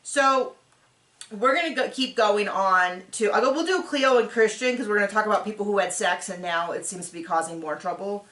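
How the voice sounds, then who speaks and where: Speaking a little fast at a medium pitch, a woman recaps a reality show in an echoey room. Her commentary is casual and animated, and she slips into voices to reenact the cast's quotes.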